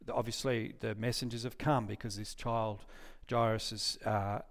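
A man's voice: lowish voice, little pitch movement, moderate pace. A man preaching a casual sermon, reading scripture aloud, often restarting and correcting himself and putting questions to his listeners. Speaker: pastor.

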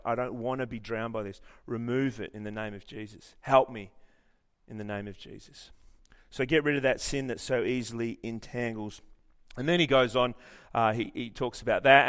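A man preaching a sermon in church, telling stories in an animated way, joking and often restarting his sentences. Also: medium pitch. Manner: animated storytelling with jokes and frequent restarts. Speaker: pastor.

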